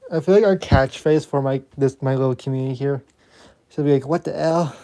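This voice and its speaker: A man's voice: mid-range voice, a little fast, dark tone. A man chatting casually on a livestream, rambling and swearing freely while talking to his viewers. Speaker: streamer.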